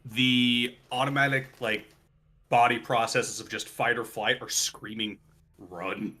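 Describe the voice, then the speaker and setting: A man's voice: mid-range voice, fairly even intonation, unhurried, bright, forceful tone. A man narrating as game master of a tabletop game, laughing often and using loose fillers.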